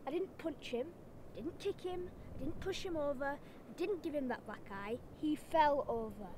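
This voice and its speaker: A woman's voice: high voice, expressive, normal speed, noisy background. An actress playing a blunt, cheeky thirteen-year-old girl, in a film drama. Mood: defiant. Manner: blunt and defiant.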